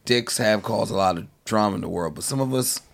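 A man's voice: fairly low pitch, fairly quick, vocal fry. A man trading bawdy jokes in a casual comedy chat. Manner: joking, bawdy banter. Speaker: comedian podcast guest.

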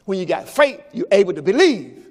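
High-voiced male pastor preaching in reverb. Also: sing-song, fairly quick, darkish tone. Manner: folksy preaching with scripture quotes and rhetorical questions. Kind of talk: sermon. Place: church during Sunday service.

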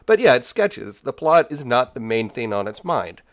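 A man co-hosting a podcast, speaking in a measured, thoughtful way with frequent fillers. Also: mid-range voice, very animated, dry recording. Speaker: podcast co-host. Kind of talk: casual discussion.

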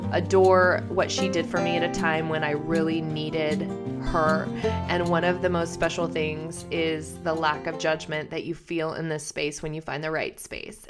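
A woman in her thirties with a slightly low voice chats straight to her viewers about her own life. She laughs easily and slips into little impressions of the people in her stories. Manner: chatty, laughs often, acts out quotes. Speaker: vlogger. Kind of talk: casual personal storytelling.

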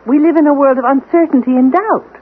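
An actor playing a formal, faintly condescending male butler, calm and superior, in a vintage radio drama. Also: extremely high pitch, fast talker. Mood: prim, composed. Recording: tinny lo-fi old radio recording with hiss.

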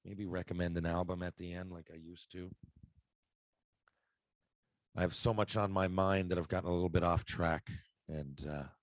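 A man's voice: low-pitched, darkish tone, no room sound. A man hosting his own podcast, talking casually and rambling from thought to thought. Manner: rambling, conversational, self-interrupting. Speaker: podcast host. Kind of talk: casual solo podcast monologue.

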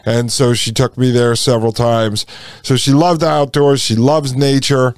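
Smooth-voiced man telling a story. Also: medium pitch, fairly even intonation, normal speed, no room sound, clean studio sound. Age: 40s. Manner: casual, conversational, acts out quoted dialogue. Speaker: podcast host. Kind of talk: personal storytelling monologue.

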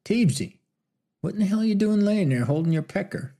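A man voicing an amused Old West gunslinger who jokes in a rough frontier drawl. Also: high voice, animated, a little fast, mellow, voice pushed up. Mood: mocking.

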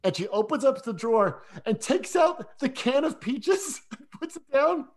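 A man co-hosting a casual film discussion podcast, eager and animated, often stumbling over and repeating his words. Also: extremely high pitch, a little slow. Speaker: podcast co-host.

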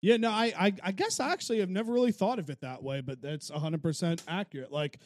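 A man's voice: high voice, fast talker, no room sound, studio quality. A young man hosting a podcast, keeping the chat going with laid-back, slangy banter and swearing. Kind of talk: casual chat.

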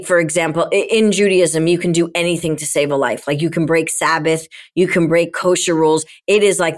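A middle-aged woman, a podcast guest and coach, telling a candid, emotional personal story in conversation. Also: sits low.

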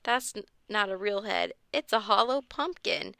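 A woman's voice: mid-range voice, normal speed, bright, forceful tone, no echo, clean studio sound. A woman voicing a sensible young boy who speaks in a matter-of-fact way.

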